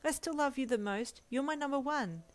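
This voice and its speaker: A woman voicing a cheerful, bashful young male hero who talks softly and eagerly, in a storybook reading. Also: high voice, a little fast, voice pushed up, lightly acted. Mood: affectionate. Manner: soft, eager and sweet.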